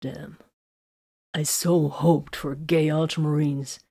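A woman reading a storybook, voicing a sarcastic, wounded young male soldier who mumbles low. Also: little pitch movement, slow pace, creaky, dark tone, husky, heavily acted.

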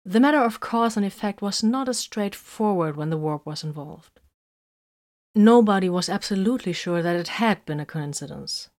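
A woman narrating a story in a steady, measured reading. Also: medium pitch. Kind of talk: audiobook narration of fan fiction.

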